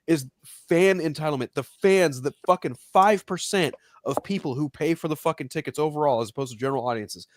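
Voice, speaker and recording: A man's voice: fairly high pitch, a little fast, slight background noise. A man ranting in a heated, profane casual chat on a live stream, mocking fans. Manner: ranting, profane, mocks fans in whiny shouts. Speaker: podcast co-host.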